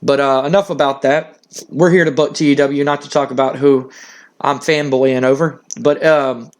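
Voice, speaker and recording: A man's voice: medium pitch, steady tone, normal speed. A man narrating a wrestling booking game in a casual, rambling way with many fillers. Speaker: game streamer. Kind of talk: let's play narration.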